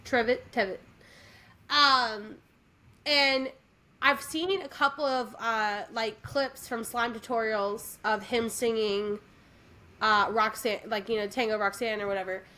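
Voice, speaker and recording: A podcast co-host chats casually and with enthusiasm, her voice on the high side, steady, unhurried and sharp in tone. Her speech is full of fillers and restarts.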